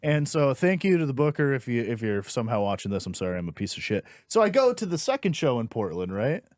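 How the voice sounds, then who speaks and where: A young man, a stand-up comic, telling animated stories in casual podcast chat and swearing freely. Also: mid-range voice, fast, no room sound, clean studio sound. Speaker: stand-up comedian and podcast host.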